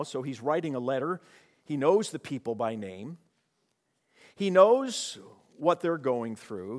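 A man delivering a church sermon, his delivery swinging between emphatic raised passages and soft hushed ones. His voice sits a little high for a man. The sound carries a long reverb, as if recorded in a large hall. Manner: dynamic preaching, swings from loud to hushed. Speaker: pastor.

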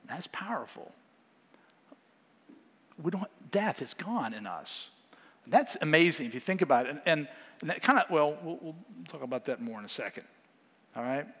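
A man giving a sermon as guest preacher, speaking in a conversational, animated way and often asking the congregation questions. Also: a little high, moderate pace, pauses often, breathy edge. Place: church sanctuary. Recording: long hall reverb.

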